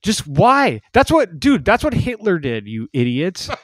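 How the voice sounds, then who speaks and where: A man co-hosting a crude comedy podcast, talking loudly and breaking into shouted silly voices. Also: high-pitched, measured pace, no room sound. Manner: loud, animated, jumps into shouted silly voices. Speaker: podcast co-host.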